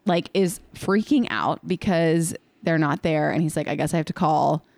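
A woman's voice: low-pitched, moderate pace, vocal fry, a little mellow, dry recording. A young woman co-hosting a podcast, chatting casually through a movie recap, saying "like" constantly and swearing freely. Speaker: podcast co-host.

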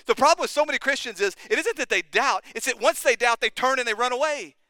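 A man's voice: very high-pitched, animated, fast, pushed and bright, no room sound. A man preaching a sermon as pastor, impassioned and urgent, firing rising questions at the congregation.

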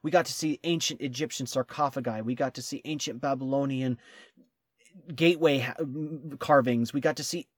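A man co-hosting a travel talk, eager and quick to laugh, tripping over his words when excited. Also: mid-range voice, no room sound, clean studio sound. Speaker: travel vlog co-host. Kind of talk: casual travel chat.

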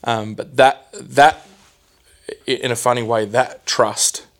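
A man telling his personal story as a guest, candid and halting, often restarting his sentences. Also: mid-range voice, fairly even intonation.

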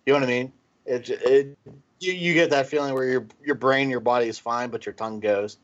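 A tipsy man rambles through a casual podcast talk, repeating words and tripping over his tongue. His pitch is middling. The sound is dull and lo-fi. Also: fairly even intonation, fairly quick. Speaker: podcast co-host, guest. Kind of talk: casual chat.

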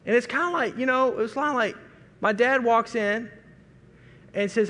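A middle-aged man from Arkansas preaching a sermon, telling a folksy, animated story and acting out family voices. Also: very high voice, moderate pace. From Arkansas, USA. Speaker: pastor. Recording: long reverb of a large hall.

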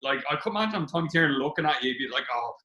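An Irish comedian spins stories in loose chat, lively and quick to swear. His voice sits a little high and sounds bright and forceful. The room around him is roomy and echoey. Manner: animated storyteller, swears freely. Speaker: comedian guest. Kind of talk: casual podcast chat. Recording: roomy echo.

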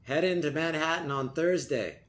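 A man's voice: on the high side, normal speed, fairly bright tone. A man co-hosting a show in a casual, upbeat chat, teasing his partner. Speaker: co-host.

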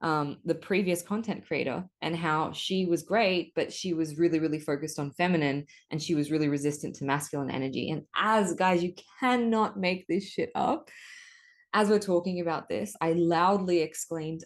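A woman's voice: sits low, moderate pace. A woman hosting a solo podcast, talking casually and animatedly about her spiritual life, swearing often. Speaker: podcast host.

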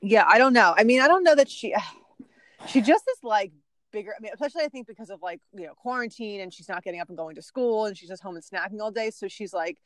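A woman co-hosting a podcast in casual chat, telling family stories with deadpan teasing humor. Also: medium pitch, quick pace, dry recording. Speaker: podcast co-host.

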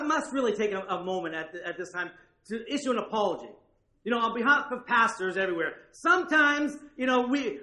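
A man's voice: very high-pitched, sharp tone, reverberant. A male pastor preaching a sermon in a conversational way, with frequent asides and check-ins with his listeners.

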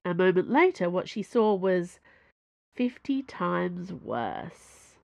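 A woman narrating a storybook in an even, measured reading. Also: on the low side, vocal fry, no echo, highs cut off. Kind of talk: audiobook narration.

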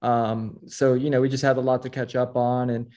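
A man with a mid-range voice talks as a podcast guest, easygoing and unhurried as he tells his story. His delivery is casual and conversational. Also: medium pitch, level tone, a little mellow. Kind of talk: casual interview chat.

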